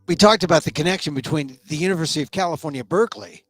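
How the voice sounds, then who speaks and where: A middle-aged man with a slightly high voice runs his own daily talk show. He delivers a solo commentary monologue with emphatic shifts of pace. The sound is dry and close, with faint music playing behind him. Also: rapid-fire, no echo.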